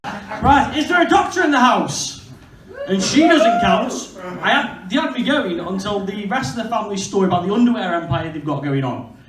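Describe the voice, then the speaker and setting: A man's voice: high-pitched, big pitch swings, fairly quick, fairly bright tone. A man, doing a crude, self-mocking stand-up comedy set on stage. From Stoke-on-Trent, England. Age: 20s. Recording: echoey venue heard from far off.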